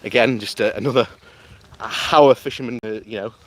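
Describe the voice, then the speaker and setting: Walking outdoors one morning, a man films himself on a handheld camera and talks a little fast in a medium-pitched, slightly bright voice with no room sound. He's a political vlogger whose casual, rambling commentary is often broken by laughter.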